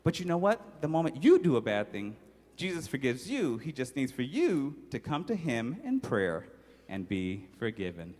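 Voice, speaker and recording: A man's voice: mid-range voice, moderate pace, long reverb tail. A man telling a children's story with sound effects and questions to the kids, ending in a short sermon. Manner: animated, sound effects, audience call-outs.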